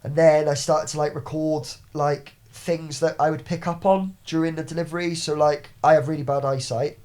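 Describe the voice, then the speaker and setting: A man's voice: on the high side, flat delivery, moderate pace, a little mellow. A young man, a podcast guest and business owner, telling stories in a rambling casual way with frequent swearing and restarts. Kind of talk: casual chat.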